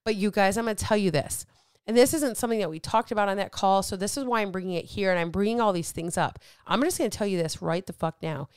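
A woman's voice: mid-range voice, quick pace, clean tone, no room sound, clean studio sound. A woman coach hosting her podcast, talking bluntly and emphatically to her listeners and swearing freely as she motivates them. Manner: motivational, addresses listeners directly. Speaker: weight loss coach and podcast host. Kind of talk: casual podcast monologue.

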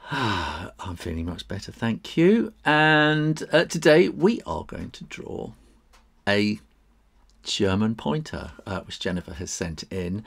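Male host for a casual live drawing tutorial; lively, wide-ranging delivery, rambles and laughs lightly. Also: on the low side, creaky. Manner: chatty and rambling, with self-interruptions; laughs lightly while talking. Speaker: illustrator drawing live for viewers.

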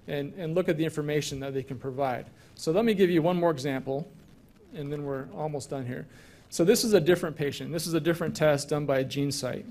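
A man's voice: on the high side, fast, darkish tone. A man who is a physician, giving a conversational grand rounds lecture and walking through slides with casual asides.

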